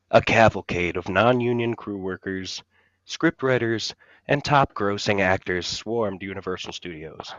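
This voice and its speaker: A man's voice: on the low side, a bit bright, no echo. A man co-hosting a podcast, reading a comedic story aloud in a mock-serious storytelling manner. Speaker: podcast co-host. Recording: dull lo-fi mic.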